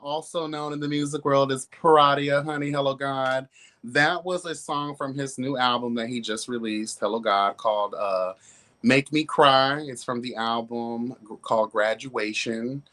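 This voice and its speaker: A man's voice: mid-range voice, bright, forceful tone. A man hosting a live-stream pop culture commentary show, sassy and flamboyant, peppering his talk with exclamations. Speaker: host.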